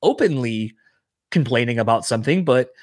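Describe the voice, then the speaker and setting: A man's voice: medium pitch, normal speed, no room sound. A man who works as a bar bouncer, telling a story in casual chat, swearing freely and acting out what everyone said. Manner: profane, animated storyteller acting out quotes.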